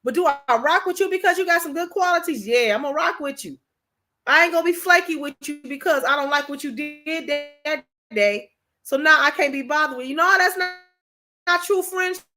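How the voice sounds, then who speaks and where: A woman's voice: high voice, brisk, bright, forceful tone, faint music behind. A woman hosting a livestream, giving an informal motivational talk straight to her viewers, emphatic and repetitive as she drives her points home. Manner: emphatic and repetitive, often asking "you understand what I'm saying?"; informal, conversational, addressing viewers directly. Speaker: livestream host.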